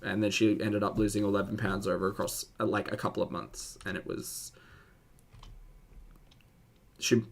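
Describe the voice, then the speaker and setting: A woman's voice: very deep voice, flat delivery, moderate pace, vocal fry, pauses often. A woman giving sarcastic, casual reaction commentary to videos, often breaking into incredulous laughter.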